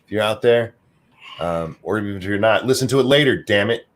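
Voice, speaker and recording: A man's voice: lowish voice, fairly quick. A middle-aged man hosting a live-stream podcast in casual chat, joking and laughing off his own slip-ups. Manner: joking, laughs off flubbed intros. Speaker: podcast host.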